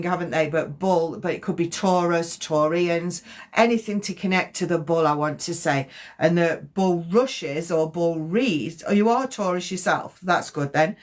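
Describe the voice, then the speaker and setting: A woman giving a chatty, rambling psychic card reading on a live stream. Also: fairly low pitch. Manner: chatty, rambling, self-correcting.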